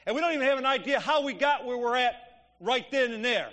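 Man, preacher, sermon, very high voice, conversational, church hall echo. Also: lively intonation, fast, a bit bright. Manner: conversational storytelling, asks the congregation "Amen?". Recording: long reverb of a church hall.

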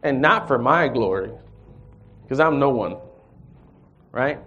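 A man's voice: mid-range voice, slow pace. Man telling a testimony, dull recording. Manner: animated storyteller, acts out dialogue, chuckles. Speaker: church group speaker. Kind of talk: personal testimony and scripture reading.

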